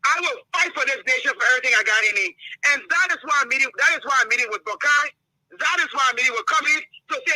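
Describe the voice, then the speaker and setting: A woman speaks out as a political guest, loud, blunt and impassioned, with a hard, sharp edge to her voice. The sound is close and dry, with no room around it. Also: high-pitched, lively intonation, fast, no room sound, low-quality recording. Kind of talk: heated talk-show interview.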